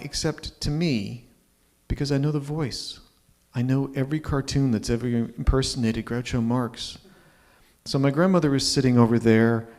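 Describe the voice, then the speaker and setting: A man's voice: mid-range voice, darkish tone. A man in his fifties telling a personal story live on stage, conversational and checking in with the audience. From Ontario, Canada.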